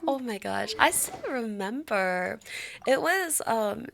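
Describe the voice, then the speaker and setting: A young woman chatting to her live-stream viewers, bubbly and quick to giggle. Her voice has a slight gravelly fry to it. Her pitch swoops up and down as she gushes. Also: expressive, heavy background noise.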